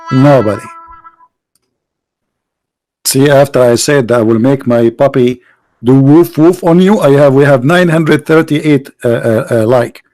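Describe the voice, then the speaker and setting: A man's voice: fairly high pitch, darkish tone, dry recording, low-quality recording. A man hosting a livestream debate, mocking and sarcastic, firing off rhetorical questions in non-native English.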